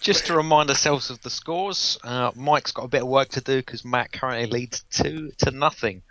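A man's voice: medium pitch, moderate pace, a bit bright, no echo, rough recording. A man acting as quiz master on a casual podcast, reading out questions and teasing the players in a dry way.

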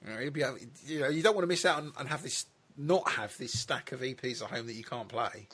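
A man's voice: mid-range voice, fairly quick, a bit bright, breathy edge. A man from London with a London accent, hosting a casual podcast chat and joking and laughing often. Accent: London English. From London, England. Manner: chatty and jokey, laughs often. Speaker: podcast host.

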